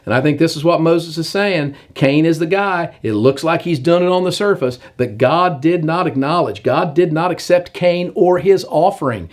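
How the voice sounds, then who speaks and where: A man preaching a sermon in animated storytelling, acting out the characters as he goes. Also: fairly high pitch, normal speed, hardly any pauses.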